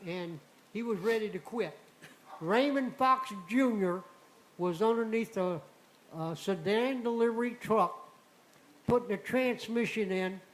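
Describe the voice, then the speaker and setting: High-voiced older man spinning a folksy yarn. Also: a little hiss or hum, rough recording. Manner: folksy, animated storyteller acting out dialogue. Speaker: returning guest. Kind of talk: telling a personal story on a radio show.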